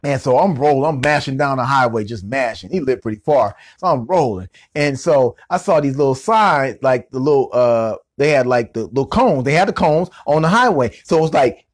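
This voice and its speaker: Animated middle-aged man, slangy motivational storyteller. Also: a little high, fairly quick. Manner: animated, slangy, with vocal sound effects. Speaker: motivational coach.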